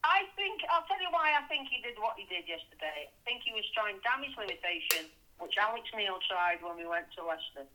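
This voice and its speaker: A woman's voice: mid-range voice, expressive, brisk, few pauses, background noise. A woman co-hosting a casual football fan chat, forthright and scornful in her opinions. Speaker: podcast co-host.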